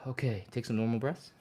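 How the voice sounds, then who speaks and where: A man leading a live stretching workout as the instructor. He talks through each move in a relaxed, upbeat way and sighs and breathes audibly between cues. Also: medium pitch. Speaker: fitness instructor.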